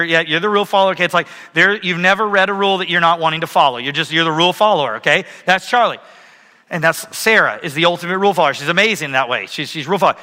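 Bright-voiced man preaching in a hall. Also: fairly high pitch. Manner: animated storytelling, asks audience for raised hands. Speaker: pastor. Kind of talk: sermon. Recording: long reverb of a large hall.

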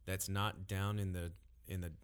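A man co-hosting a podcast, talking in a thoughtful, halting way and often restarting his phrases. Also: low voice, level tone, smooth. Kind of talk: casual podcast discussion.

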